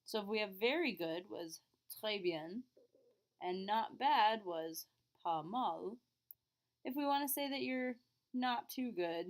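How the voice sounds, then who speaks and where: A woman teaching beginner French, explaining patiently and modeling phrases with exaggerated rising intonation. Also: medium pitch. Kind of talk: classroom lesson.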